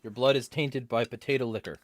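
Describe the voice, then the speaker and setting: A man's voice: medium pitch, steady tone, brisk, dry recording. A young man hosting a livestream, reading chat comments and answering them in a rambling, wry way.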